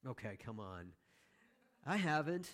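A man's voice: mid-range voice, big pitch swings, a little slow, fairly bright tone. Male pastor, sermon, chatty, wry asides to the church. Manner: conversational, joking asides to the congregation.

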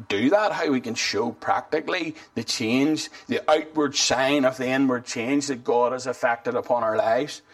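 A man preaching a sermon in an earnest, conversational way, often restarting and saying "you know". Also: mid-range voice.

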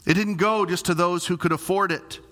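A middle-aged man preaching a sermon as pastor, animated and dramatic, with big swings in his delivery. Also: high-pitched, brisk.

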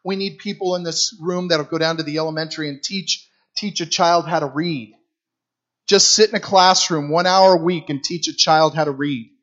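A man's voice: fairly high pitch, normal speed, fairly bright tone, dull audio. A middle-aged man preaching a sermon in a conversational, storytelling way, repeating phrases for emphasis. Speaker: guest preacher for a youth ministry.

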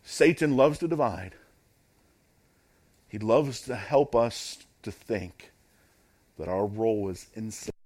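A man's voice: lowish voice, measured pace, pauses often, a little mellow. A man preaching a sermon as pastor, in an emphatic, repetitive preaching cadence.

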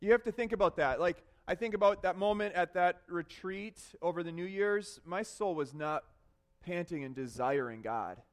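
A male pastor delivers a sermon in a fairly high voice. He tells stories with animation, rising to loud bursts and then dropping to hushed, confessional tones. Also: animated, moderate pace.

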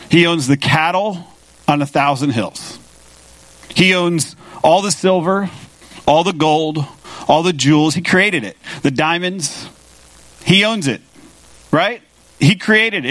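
Man giving a sermon, fairly high voice, dry close sound, chatty and animated. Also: moderate pace, dry recording. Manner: conversational, animated, paraphrases scripture in a casual voice. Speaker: pastor.

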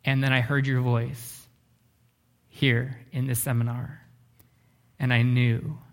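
A man preaching a sermon, telling a story earnestly, slowing down and dropping to a hush for emphasis. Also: medium pitch, level tone, creaky. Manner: earnest, often slows down and drops to a hush for emphasis. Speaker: pastor.

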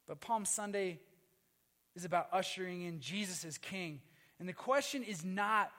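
A man preaching a sermon as a pastor, moving between loud emphatic lines and hushed quiet passages. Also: high-pitched, moderate pace, big-room sound. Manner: swings from loud emphatic to hushed, sings briefly. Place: church.

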